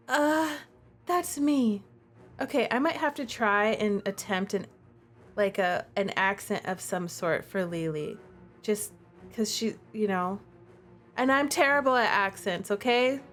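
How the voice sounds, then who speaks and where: A young woman reading a dating-sim game aloud and reacting with excited, gushing commentary. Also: measured pace, faint music behind. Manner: excitable and gushing, with big pitch jumps. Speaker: streamer playing a dating sim.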